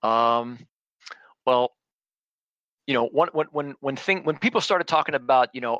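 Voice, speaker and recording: A man's voice: mid-range voice, unhurried, long pauses, a bit bright, no room sound, lo-fi sound. Blunt, rambling man from Philadelphia. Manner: blunt, rambling, with frequent restarts. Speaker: guest. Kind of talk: casual podcast chat.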